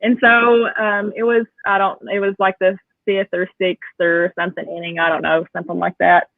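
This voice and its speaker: A woman's voice: mid-range voice, little pitch movement, normal speed, gravelly, no echo. Bubbly woman over tinny call audio. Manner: enthusiastic, chatty, laughs often. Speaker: guest collector. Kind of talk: casual interview chat.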